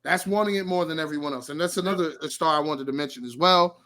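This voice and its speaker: A young man hosting a casual basketball podcast, talking excitedly and jumping to high squeals for emphasis. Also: quick pace. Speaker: podcast host.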